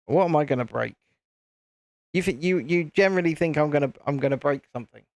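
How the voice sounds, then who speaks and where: A man's voice: a little high, quick pace, dry recording. A British man hosting a casual live stream, chatting to viewers in a self-deprecating way.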